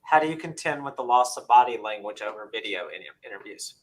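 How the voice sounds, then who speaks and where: A man co-hosting a podcast, reading listener questions aloud in a relaxed, casual way. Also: medium pitch, quick pace, rough recording. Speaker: co-host reading audience questions. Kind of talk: casual chat.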